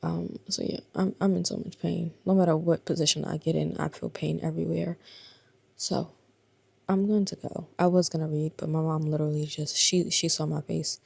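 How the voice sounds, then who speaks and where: A worn-out woman in her thirties speaks to her vlog viewers in a low, gravelly voice. She sounds tired and confiding and drops at times into a breathy whisper. Her pitch barely moves, and the sound is close and dry. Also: fairly even intonation, normal speed, darkish tone, no echo. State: exhausted and in pain. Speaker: vlogger. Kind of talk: casual personal vlog talk.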